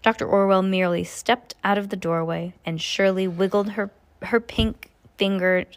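A woman's voice: mid-range voice, steady tone, moderate pace. A woman, a parent, reading a book aloud to her child in plain narration with small stumbles and self-corrections.

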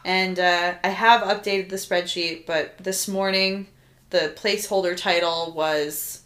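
A woman's voice: fairly low pitch, fairly even intonation, unhurried, fairly bright tone. A woman co-hosting a podcast, chatting casually and laughing often. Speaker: podcast co-host. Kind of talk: casual chat.

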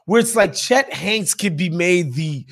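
A high-pitched man holds forth on a podcast, animated and emphatic. He swears freely and keeps a loose, conversational rhythm. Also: unhurried. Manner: profane, emphatic, animated ranting. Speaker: podcast co-host. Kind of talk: casual podcast chat.

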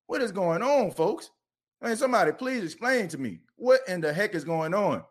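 A fired-up man rants on a sports podcast. His voice sits high for a man, and he keeps circling back and repeating himself as his passion builds. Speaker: podcast host.

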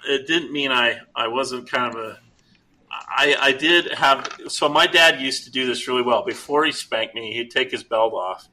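A man's voice: mid-range voice, moderate pace, pushed and bright, low-quality recording. A middle-aged man telling rambling, jokey stories about fatherhood on a podcast. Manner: rambling, self-interrupting, jokey. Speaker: podcast co-host. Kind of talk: casual storytelling chat.

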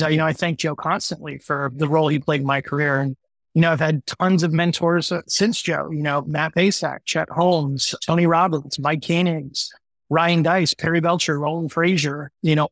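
Lively storytelling businessman, dry sound. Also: on the high side, no echo. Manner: animated, acts out quoted voices in stories. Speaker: guest entrepreneur. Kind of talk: storytelling interview answer.

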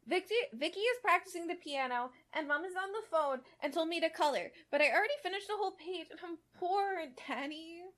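A woman's voice: extremely high pitch, a little fast, hardly any pauses, a bit bright, voice pushed up. A woman voicing a bored little girl who whines to her father in a story reading. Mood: whiny. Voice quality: whiny.

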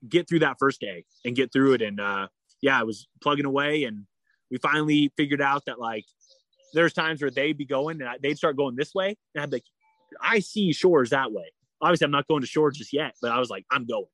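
A man's voice: mid-range voice, fairly quick, fairly bright tone, dry recording. A man telling a long personal story in a casual interview, full of fillers and restarts. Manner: rambling, frequent "like" and "you know" fillers. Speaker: endurance athlete guest.

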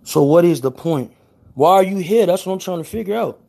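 A young man from Chicago, with the accent to match, chats casually with his livestream viewers in brash street slang, apologizing repeatedly. He sits high in pitch, sounding expressive and mellow, fairly quick, with some vocal fry.

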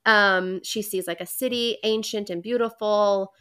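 A woman's voice: medium pitch, steady tone, measured pace, bright, forceful tone, smooth. Rambling young woman recapping a book. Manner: rambling, filler-heavy, enthusiastic. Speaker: podcast host. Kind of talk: casual book-recap chat.

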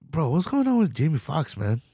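A man's voice: a little high, wildly swooping pitch, normal speed, mellow, breathy edge, dry recording, clean studio sound. A young man hosting a podcast, rambling casually with slang, swearing and laughter. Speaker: podcast host. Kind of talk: casual solo commentary.

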